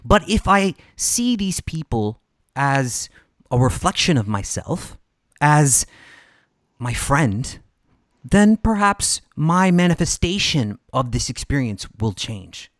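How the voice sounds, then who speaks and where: A man hosting a podcast, sharing a personal reflection in a soft, searching way, with hesitant restarts. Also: on the high side, very animated, slow, no room sound, studio quality. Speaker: podcast host. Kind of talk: reflective conversational interview.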